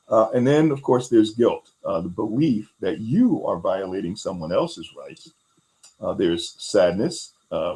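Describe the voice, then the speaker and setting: A host with a very deep male voice walks a guest through ideas about resilience in conversation. He stays casual, uses lots of filler words, and briefly acts out small quotes along the way. The recording is slightly mellow and low in quality.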